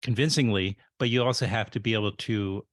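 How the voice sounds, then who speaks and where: Male interview host, halting and rambling, dead-dry recording. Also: lowish voice, fairly even intonation, dry recording. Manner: rambling, halting questions with many restarts. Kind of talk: casual interview chat.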